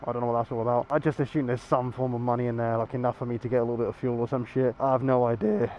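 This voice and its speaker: A young British man vlogging from his motorbike, chatty, sweary and self-mocking, his voice slightly croaky from being ill. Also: medium pitch, little pitch movement, very fast, dark tone. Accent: British English. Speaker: motovlogger. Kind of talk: casual riding vlog. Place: outdoors on a motorbike in town traffic. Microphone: lapel mic under a helmet. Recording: muffled lo-fi with traffic noise.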